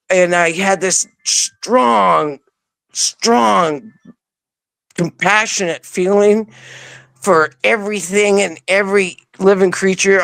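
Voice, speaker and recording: A woman with a lowish voice, recorded without echo, appears as a guest in an interview. Her wording is casual as she relates a personal tale, and she animatedly plays back what she told people at the time.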